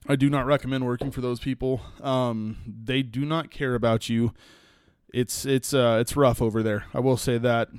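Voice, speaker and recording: Folksy Texan man, smooth and dry. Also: mid-range voice, dry recording. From West Texas. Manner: rambling, folksy storytelling with frequent fillers. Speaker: podcast host and hunting guide. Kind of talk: casual solo podcast monologue.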